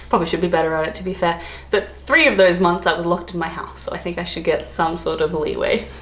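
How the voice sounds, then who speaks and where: Australian woman in her 30s, casual vlogger, laughs a lot, slightly low voice, echoey room. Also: brisk. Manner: chatty, laughs often, many fillers. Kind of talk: casual chat to camera.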